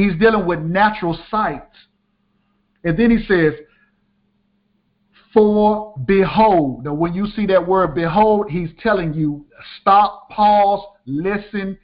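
A male preacher giving a sermon, emphatic and repeating his key lines for the listeners. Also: high-pitched. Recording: dull lo-fi sound.

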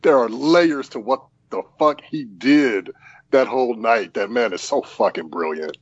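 A man co-hosting a podcast in casual chat, relaxed, swearing and laughing along. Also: mid-range voice, a little slow, slightly rough, lo-fi sound. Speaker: podcast co-host.

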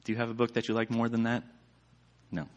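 A man's voice: medium pitch, steady tone, quick pace, highs cut off. A man giving a casual sermon with slides, chatty and rambling, with many fillers. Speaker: church speaker.

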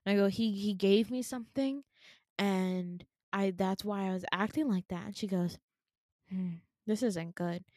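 A woman's voice: medium pitch, normal speed, no echo, studio quality. A woman co-hosting a podcast, telling a dream in casual chat, acting out the lines of people in it with swearing and laughter. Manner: animated, acts out quotes with swearing and laughs.

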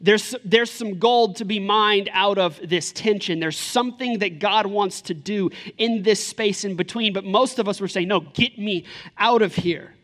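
A man in his thirties, a pastor preaching a sermon in a lively, conversational way, full of rhetorical questions. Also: high-pitched, moderate pace, few pauses.

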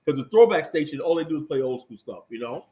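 Middle-aged guy rambling through stories, lots of "you know", slightly high voice, muffled lo-fi sound. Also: fast, slight background noise. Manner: rambling, animated, many fillers and restarts. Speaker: guest. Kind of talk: casual storytelling chat.

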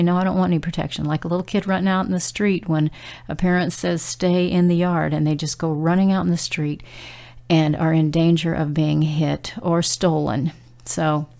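A middle-aged woman talks through a casual devotional message in a low, gravelly voice. She sounds earnest and conversational, pausing on fillers and restarting her sentences as she goes. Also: dark tone. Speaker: devotional speaker.

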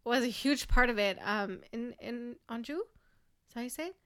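A woman chatting casually about a drama, relaxed and easygoing. Her voice sits a little high. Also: a little fast, clean tone. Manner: relaxed, chatty, laughs easily. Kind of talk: casual chat reviewing a drama.

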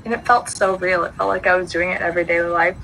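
A woman's voice: lowish voice, flat delivery, fast, gravelly, fairly bright tone, slight background noise, rough recording. A young woman chatting on a podcast, retelling a dream with many fillers and restarts, recorded outdoors near a street. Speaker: podcast co-host. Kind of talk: casual chat, retelling a dream.

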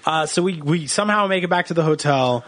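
A man's voice: on the high side, fast, no echo. A man co-hosting a comedy podcast, telling a story in a loose, joking way and laughing often. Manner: animated, laughs often, acts out voices. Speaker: podcast co-host.

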